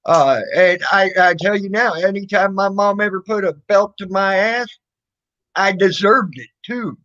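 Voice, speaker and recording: Man, raised pitch, rambling profane storytelling, dull lo-fi sound. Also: measured pace, fairly bright tone. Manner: rambling, profane, many fillers and restarts. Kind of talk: casual storytelling. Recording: dull lo-fi recording.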